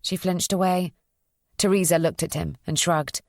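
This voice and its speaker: A woman reading a psychological thriller as an audiobook narrator, in an even, measured storytelling voice. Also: fairly low pitch, no echo, studio quality.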